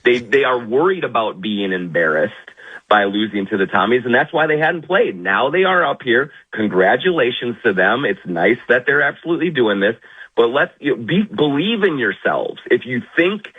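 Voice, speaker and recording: A man's voice: medium pitch, sing-song, moderate pace, husky. A man calling in as a weekly guest on sports radio, in casual banter with mock-humble sarcasm, over a phone line.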